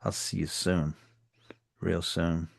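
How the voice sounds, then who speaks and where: Guy doing a creepy smooth host, low and gravelly, passive-aggressive threats, dry sound. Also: fairly even intonation, takes it slowly, no room sound, exaggerated voice. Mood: coldly polite. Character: smooth, menacing male host offering wine.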